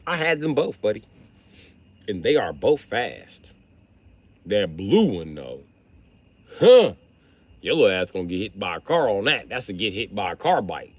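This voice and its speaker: A man's voice: lowish voice, unhurried, long pauses. A man telling a profane comic story on a livestream, acting out the people in it. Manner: animated, acts out voices. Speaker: livestream host.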